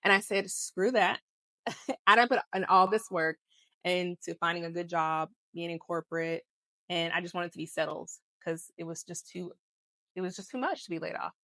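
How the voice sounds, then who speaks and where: A woman's voice: fairly low pitch, steady tone, moderate pace, bright, forceful tone, dry recording. A woman co-hosting a podcast, chatting casually about her work and life, laughing often and going off on tangents. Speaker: podcast co-host. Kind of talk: casual chat.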